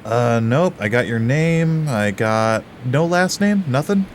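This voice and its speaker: A man's voice: mid-range voice, animated, slow, a little hiss or hum, voice pushed up. A man playing a friendly, rambling town guard in a tabletop game. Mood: easygoing.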